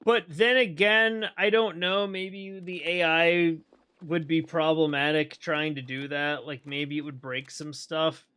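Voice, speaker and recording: A man streaming a game, rambling in casual commentary as he thinks aloud and often clears his throat. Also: on the high side, fairly even intonation, unhurried, sharp tone.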